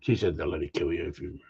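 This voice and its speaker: A man's voice: extremely low pitch, a little fast, vocal fry, dark tone, husky, muffled recording. A man who trains gundogs, chatting on a casual livestream in a blunt, ranting way with mild swearing.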